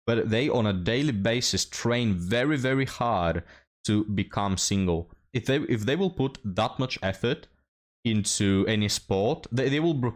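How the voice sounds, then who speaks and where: A man hosting a reaction commentary, mocking and scornful, often laughing as he talks. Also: lowish voice. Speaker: commentary host.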